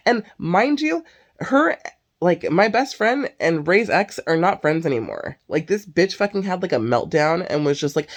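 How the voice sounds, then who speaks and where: A woman's voice: deep voice, expressive, moderate pace. A young woman host chatting casually and candidly, rambling and swearing freely. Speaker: podcast host. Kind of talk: casual chat.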